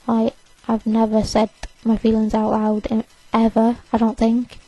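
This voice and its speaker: A woman's voice: a little high, completely flat delivery, a little slow, warm tone, poor audio. An eighteen-year-old woman, overtired, rambling defiantly and self-consciously in a casual to-camera rant. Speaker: vlogger.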